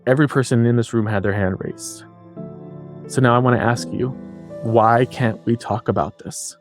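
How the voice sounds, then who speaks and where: A man's voice: mid-range voice, fairly even intonation, normal speed, faint music behind. A man guest on a podcast, talking earnestly and with passion, repeating his phrases for emphasis. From New Mexico. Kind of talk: earnest interview talk.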